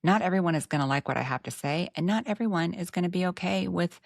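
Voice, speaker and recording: Low-voiced Texan woman, dry sound. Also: expressive, fast talker, vocal fry, no room sound. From Texas. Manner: earnest and reflective, frank asides. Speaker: podcast host. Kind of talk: casual podcast conversation.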